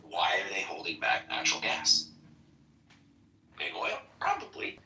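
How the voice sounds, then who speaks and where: A man's voice: low-pitched, huge pitch swings, unhurried, bright, forceful tone, far from the mic, slight background noise. A man hosting a casual political talk show, blunt and full of rhetorical questions. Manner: blunt, rhetorical questions, retells exchanges in quoted voices. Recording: echoey room, off-mic, faint TV behind.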